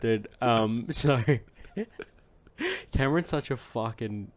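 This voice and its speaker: A man's voice: mid-range voice, slow. A man hosting a podcast, chatting in a laid-back way with lots of swearing and fillers like "um" and "like.". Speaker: podcast host. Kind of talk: casual podcast chat.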